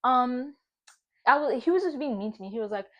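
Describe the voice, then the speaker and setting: A young woman spilling a story in her home kitchen as she bakes. She talks casually and swears freely. Her voice is lively and animated, and she laughs often. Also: sits high, a little fast, muffled recording. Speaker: vlogger. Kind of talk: casual storytelling while baking.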